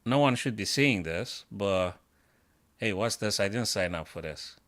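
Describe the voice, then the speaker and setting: A man's voice: lowish voice, expressive, a little slow, a bit bright. A chess coach streaming live, a man thinking aloud over his moves, self-mocking and bursting into exclamations.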